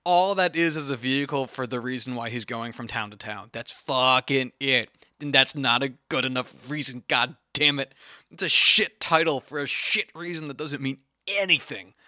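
Sharp-voiced man ranting about a film. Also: medium pitch, normal speed, dry recording, clean studio sound. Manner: exasperated, profane ranting with many fillers. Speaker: film reviewer. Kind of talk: casual spoken movie review.

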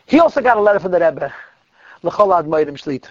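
A man telling a Hasidic story to listeners in an animated, emphatic way, repeating words for stress. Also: high-pitched, quick pace, dry recording. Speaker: religious storyteller. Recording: dull lo-fi, dry recording.

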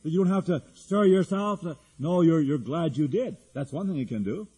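Husky high-voiced preacher in a hall. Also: male voice, animated, normal speed, mellow. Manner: earnest preaching with many restarts. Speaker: pastor. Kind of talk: sermon. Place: church hall. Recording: echoey hall.

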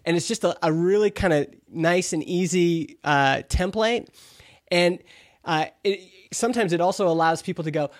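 Male podcast host, fairly high voice, dry close sound, casual rambling chat. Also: normal speed, dry recording. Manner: chatty, rambling with restarts.

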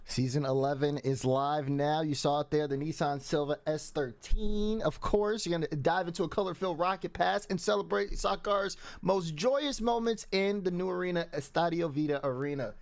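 A man's voice: a little high, normal speed, vocal fry, few pauses, no echo. A man hosting a casual esports show, reading promos in an upbeat, joking way. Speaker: show host.

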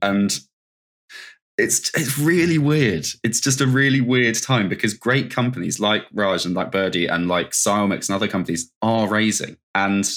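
A man's voice: on the low side, normal speed, few pauses, a bit bright. A man from the UK co-hosting a podcast in casual chat, with a nasal voice and an opinionated, wry way of talking. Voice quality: self-described nasal voice. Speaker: podcast co-host.

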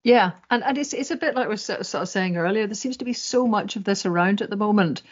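A woman's voice: medium pitch, quick pace, husky. A woman co-hosting a political discussion podcast in a chatty, wry way with many fillers. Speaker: podcast co-host. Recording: dull lo-fi sound.

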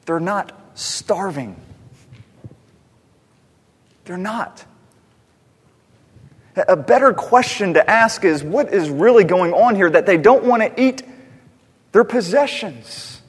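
Male pastor, high voice, breathy husky tone, animated sermon, rhetorical questions, long hall reverb. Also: takes it slowly.

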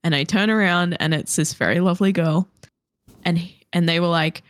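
Woman co-host, lively storyteller, dry close recording. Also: on the low side, moderate pace, dry recording. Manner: animated storytelling with laughter and swearing. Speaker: podcast co-host. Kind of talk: casual chat.

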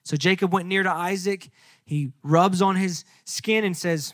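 Young male youth pastor, high voice, dry close sound, animated storytelling sermon. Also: a little slow, no echo. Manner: lively storytelling, acts out characters in casual slang.

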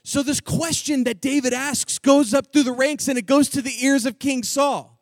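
A male preacher telling a story in an animated, jokey, slangy sermon style. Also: very high-pitched, moderate pace, no echo, clean studio sound.

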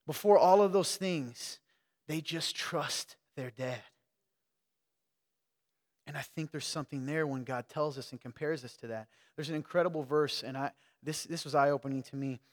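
A man preaching a sermon in a church, talking conversationally and swinging between quiet asides and loud emphatic stretches. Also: a little high, moderate pace, in a large hall. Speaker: pastor. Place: church sanctuary.

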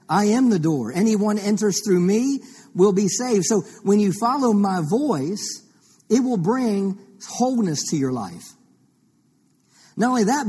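A man's voice: high voice, warm tone, breathy edge. A man preaching a teaching sermon as pastor, reading scripture and posing rhetorical questions to the congregation. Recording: long reverb of a large hall.

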